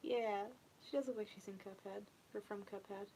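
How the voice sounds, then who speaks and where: A young woman chatting casually with viewers in a relaxed, rambling way, often trailing off into a near whisper. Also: mid-range voice, moderate pace, slight background noise. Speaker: ASMR streamer chatting with viewers. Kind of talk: casual soft-spoken chat.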